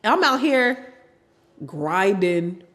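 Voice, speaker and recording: A middle-aged woman speaks frankly about her own life as an interview guest. She switches into the voices of her children and her ex when she quotes them, with swings in pitch and loudness. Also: takes it slowly. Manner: animated, acts out family members' lines in voices. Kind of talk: candid personal storytelling.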